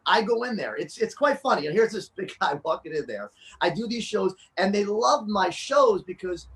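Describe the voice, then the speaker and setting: Fired-up guy telling stories on a podcast, high voice, keeps restarting. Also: normal speed. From New Jersey. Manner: animated, excitable storyteller with many restarts. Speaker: guest, children's fitness performer. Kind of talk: casual interview chat.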